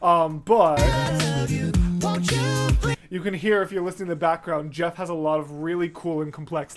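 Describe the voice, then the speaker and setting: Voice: mid-range voice, normal speed. Reaction host, casual and gushing, talks over faint background music, scats rhythms to explain. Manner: excitable, gushing, chatty with fillers; scats rhythms to illustrate points.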